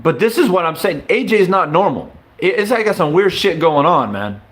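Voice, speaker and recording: A man's voice: high voice, big pitch swings, fairly quick. A young man casually reacting to a boxing clip for his viewers, cursing, laughing and calling them bro in disbelief. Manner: laughing, incredulous, profane, addresses viewers as bro. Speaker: boxing commentator.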